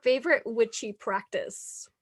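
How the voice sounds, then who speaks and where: A woman hosting a chatty podcast in a fairly high, upbeat voice. She laughs easily and guides the conversation, and the sound is dry and close. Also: measured pace, slightly rough, dry recording. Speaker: podcast host. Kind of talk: casual chat.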